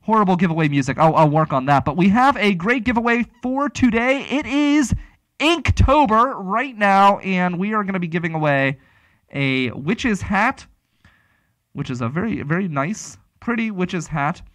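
A man's voice: high voice, lively intonation, normal speed, a bit bright, no room sound. A man hosting a casual talk show, rambling and chatty, with many restarts. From Pittsburgh area. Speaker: radio talk show host.

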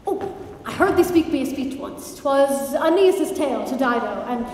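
A woman's voice: high voice, expressive, moderate pace, darkish tone. A woman acting a brooding, witty young prince on stage, theatrical and impassioned. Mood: declaiming. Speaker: stage actor. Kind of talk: live stage play performance. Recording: far echoey hall, faint noise.

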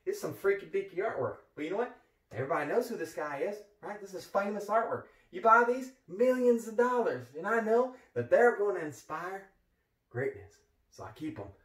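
A man's voice: a little high, far from the mic, close to an everyday voice. A man playing an overeager retired gym teacher who wants to become a parkour motivational speaker, talking in a pep-talk style and repeating catchphrases. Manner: pumped-up pep-talk delivery, repeating catchphrases, frequent "all right?". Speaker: comedic character monologue. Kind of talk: comedy sketch monologue. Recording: echoey room, voice from off the mic.

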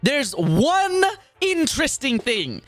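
A video creator in a comedic rant vlog, talking with exaggerated indignation. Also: male voice, very high voice, big pitch swings, takes it slowly, a bit bright, dry recording, soft background music.

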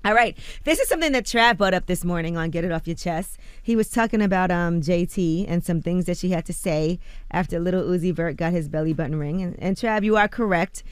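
A woman's voice: fairly low pitch, brisk, clean tone, no room sound. A woman co-hosting a morning radio show, reading celebrity news and quotes in a chatty way with loose fillers. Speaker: radio co-host reading the rumor report. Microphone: studio microphone.

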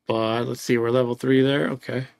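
A gravelly-voiced man talks over his own playthrough in casual let's-play style, his medium pitch held at a level tone and normal speed. He rambles, chuckles occasionally, and reads the game's text out loud.

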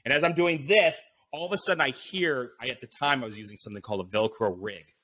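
Bright, forceful man telling a wild story. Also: mid-range voice, fast, slight background noise. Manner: vivid retelling that acts out his own inner voice, with frequent swearing and fillers. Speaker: podcast guest, BASE jumper. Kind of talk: animated storytelling.

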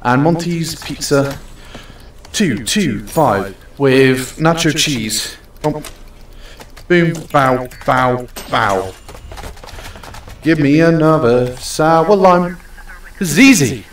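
A man's voice: a little high, expressive, extremely slow, recorded from a distance, a little hiss or hum. A young man streaming a game, chatting casually and playfully bossing around the customers. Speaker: gaming streamer. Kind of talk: casual live-stream commentary. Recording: roomy echo, off from the mic.

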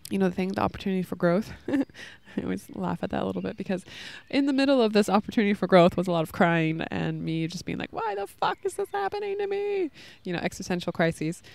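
A woman's voice: fairly low pitch, fast talker, creaky, darkish tone. A woman in her thirties talking casually and earnestly about love and self-worth, rambling with many fillers, recorded outdoors in a park. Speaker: podcast host. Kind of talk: casual spiritual talk. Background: children playing nearby.

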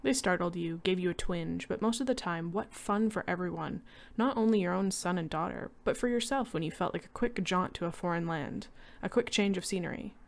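Woman narrator, steady story reading, low pitch with a gravelly rasp. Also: brisk. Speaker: reader. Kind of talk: reading a short story aloud.

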